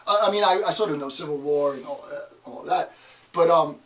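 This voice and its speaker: A man's voice: a little high, fairly quick, fairly bright tone, recorded from a distance, low-quality recording. A man with a Northeast American accent giving a college lecture, talking emphatically and asking rhetorical questions. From Northeastern United States. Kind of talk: classroom lecture.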